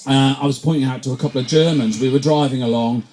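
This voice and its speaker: A man from England works through a stand-up set at a pub comedy night, his voice mellow and soft-edged. He rambles in a self-deprecating way and keeps stumbling over and repeating his words before landing the line. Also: medium pitch, fairly even intonation, fast talker.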